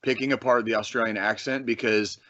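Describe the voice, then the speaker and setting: A man from Arizona co-hosting a podcast, talking in a rambling, excitable way with plenty of swearing. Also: on the low side, brisk, dry recording, highs cut off. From Arizona, USA. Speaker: podcast co-host. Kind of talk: casual podcast chat.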